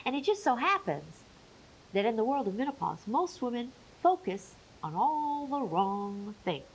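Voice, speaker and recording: Woman teaching on camera, lively up and down voice, bit of hiss behind. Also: fairly high pitch, a little slow, rough recording. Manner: clear, emphatic explaining with playful asides. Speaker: menopause educator. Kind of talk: educational video talk.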